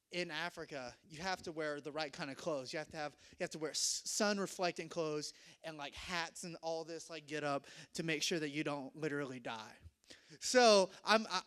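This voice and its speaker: A young man telling a self-mocking story to an audience, animated and laughing often. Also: on the high side, clean tone.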